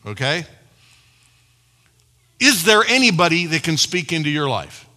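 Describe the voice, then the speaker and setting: A man preaching a sermon to a live congregation, with call-and-response asides, swinging between loud emphatic lines and quiet low asides. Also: very animated, unhurried. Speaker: pastor. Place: church hall before a live congregation.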